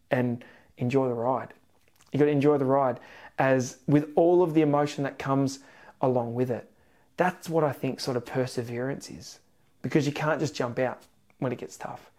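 A man with an Australian accent hosting a motivational podcast, telling stories energetically with sudden excited rises. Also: medium pitch. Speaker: podcast host, weight loss coach.

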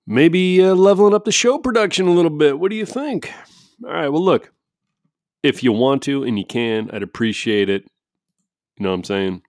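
A man's voice: medium pitch, darkish tone, dry recording, clean studio sound. A man hosting his own podcast, talking casually and sarcastically to listeners, swearing freely and often restarting his sentences. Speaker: podcast host.

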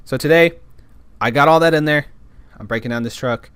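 A man's voice: on the high side, brisk, a bit bright, clean tone, no room sound. A man telling a work story in a casual monologue, rambling, repeating words and cursing now and then.

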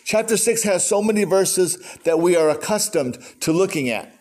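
A man's voice: high-pitched, expressive, normal speed, darkish tone. An older man preaching a sermon in a conversational storytelling way, acting out quotes. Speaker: pastor.

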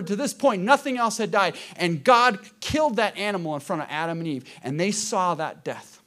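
Pastor, male, higher-pitched voice, animated sermon delivery, shifts from loud to hushed, quizzes the congregation. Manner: addresses congregation directly with questions.

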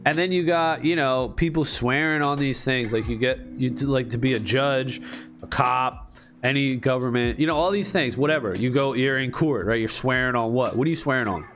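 A man's voice: mid-range voice, expressive, a little fast, soft background music. A man ranting casually in a profane, rambling, emphatic way. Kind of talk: casual rant.

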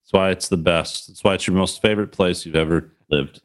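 Laid-back male podcast host, lowish voice, playful, swears casually. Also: fairly even intonation, fairly quick.

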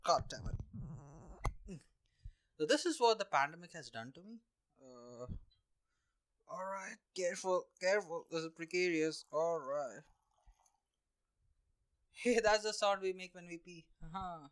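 A man's voice: high-pitched, expressive, a little slow, pauses often, fairly bright tone, no room sound, clean studio sound. A young man from India hosting a solo podcast at home, rambling sarcastically with swearing and laughs while drinking. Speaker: podcast host. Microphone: handheld mic.

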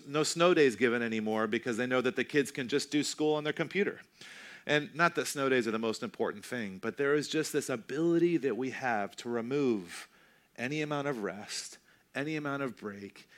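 A man in his thirties preaching a sermon in a conversational, self-deprecating way, slowing down for emphasis. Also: medium pitch, fairly bright tone. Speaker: pastor.

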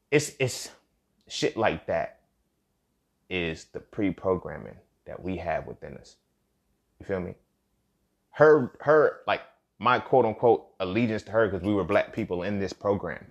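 A man hosting a solo podcast, talking in a casual monologue with heavy profanity, street slang and repeated phrases. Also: low-pitched. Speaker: podcast host.

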